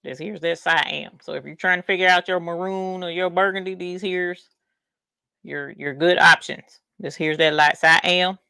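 A woman's voice: on the low side, fairly even intonation, unhurried, creaky, bright, forceful tone, smooth, no room sound, clean studio sound. A woman with a Southern US country accent, chatting folksily while hosting a craft livestream. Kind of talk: casual livestream chat.

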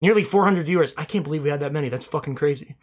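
A man's voice: a little high, rapid-fire. A young man streaming, rambling casually through thank-yous to his chat and swearing now and then, a little out of breath.

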